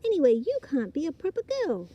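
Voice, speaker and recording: A woman's voice: sits high, very animated, quick pace, mellow, voice pushed up. A woman voicing a small, curious baby barn owl boy in an earnest, innocent storybook reading. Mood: cross.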